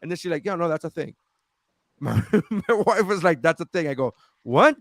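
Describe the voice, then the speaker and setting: A man's voice: fairly high pitch, normal speed, dry recording, studio quality. A man co-hosting a podcast, telling a story in casual chat, acting out quotes and swearing freely. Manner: animated, swears a lot, acts out quotes. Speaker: podcast co-host.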